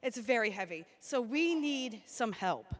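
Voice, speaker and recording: Cheerful woman at a school assembly, fairly high voice, chatty and upbeat as she calls kids up to the stage. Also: expressive, measured pace. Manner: upbeat, chatty, calling out names and classes. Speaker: school staff member presenting at an assembly. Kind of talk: addressing children at a school assembly.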